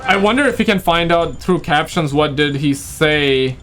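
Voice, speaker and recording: A man's voice: a little high, lively intonation, normal speed, over music. A man giving casual reaction commentary to a video, with joking, offhand asides. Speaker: reaction streamer.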